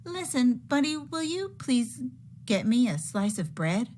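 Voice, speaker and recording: A woman's voice: a little high, very animated, unhurried, darkish tone, a little hiss or hum, voice pushed up. A woman reading a firm rabbit mother. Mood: insistent.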